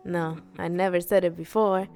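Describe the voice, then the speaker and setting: A woman's voice: lowish voice, moderate pace, soft background music. Brief: female podcast co-host, easygoing and chatty. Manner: relaxed, laughs easily, counts steps out. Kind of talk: casual chat about dancing.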